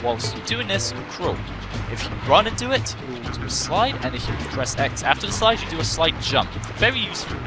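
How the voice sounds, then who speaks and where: Young man rambling jokily over game music. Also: fairly high pitch. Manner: rambling, jokey, self-mocking asides. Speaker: gameplay commentator. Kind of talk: casual let's-play commentary.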